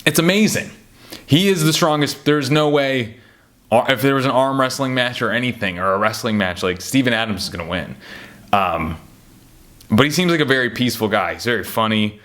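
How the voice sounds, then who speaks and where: A man talking casually about basketball at a middle pitch, rambling from one story to the next. He gets animated and worked up, often swinging up high when he gets excited, then dropping low and quiet again. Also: a little fast. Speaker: podcast host ranking basketball players. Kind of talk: casual chat.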